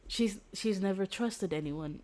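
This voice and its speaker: A woman's voice: medium pitch, measured pace, a little mellow. A young woman streamer casually retelling a story, rambling with fillers and restarts and swearing freely.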